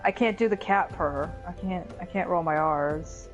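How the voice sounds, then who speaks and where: A woman's voice: on the low side, normal speed, lo-fi sound, faint music behind. A woman co-hosting a let's play video, chatting about the game in a wry, laid-back way. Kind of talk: casual gaming commentary.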